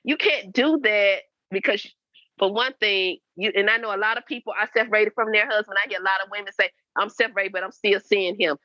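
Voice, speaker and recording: Speaking a little fast with a sharp, mid-range voice, the host's mother, in her fifties, recounts her life to her daughter as a guest. Her candid storytelling is earnest, repetitive, and occasionally preachy, captured in dry, somewhat dull lo-fi sound.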